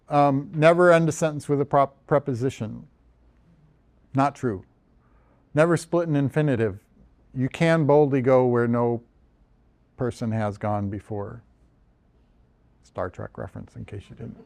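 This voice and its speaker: A man's voice: medium pitch, darkish tone. A man from the United States, a journal editor, giving a conversational lecture over slides with frequent ums and restarts. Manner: conversational, self-deprecating, many ums and restarts.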